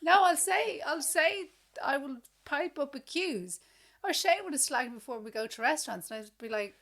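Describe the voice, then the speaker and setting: A woman's voice: high-pitched, moderate pace, gravelly. Blunt Irish woman telling stories. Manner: blunt, animated storytelling with acted-out quotes. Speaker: podcast co-host. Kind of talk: casual chat.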